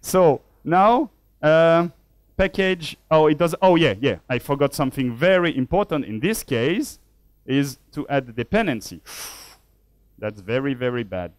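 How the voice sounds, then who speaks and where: Slow, dry-voiced man presenting live code. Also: a little high, expressive, smooth, no echo. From Switzerland. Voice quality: measured, self-deprecating. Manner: thinks aloud while typing code. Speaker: conference speaker. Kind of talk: live coding talk. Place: conference hall.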